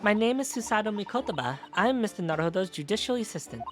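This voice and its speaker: A man's voice: high voice, big pitch swings, fast, music in the background, pitched above the performer's own voice. A man voicing a polite young woman assistant. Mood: courteous. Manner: polite, formal.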